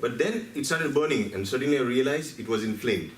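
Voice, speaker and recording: A man's voice: mid-range voice, expressive, brisk, slight background noise. Man lecturing in an echoey hall. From India. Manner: storytelling, asks the audience questions, playful. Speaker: health speaker. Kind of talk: lecture to an audience. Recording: roomy hall, distant mic, faint background.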